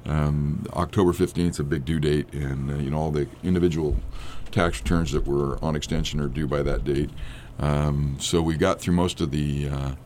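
A hoarse man with a cold, an accountant guest on a radio show, talking casually with frequent restarts. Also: very deep voice, fairly even intonation, a little mellow, a little hiss or hum. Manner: halting, many restarts.

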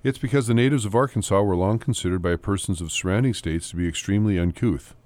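A man's voice: on the low side, fast talker, a little mellow, no echo. A man hosting a morning radio show, chatting in a playful, joking way. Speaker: radio host.

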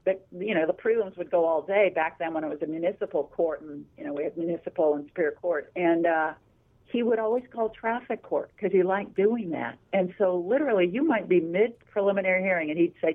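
A woman's voice: on the low side, fairly quick. A woman, an attorney guest, telling chatty stories in a casual radio interview over a phone line. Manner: chatty anecdotal storyteller. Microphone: telephone.

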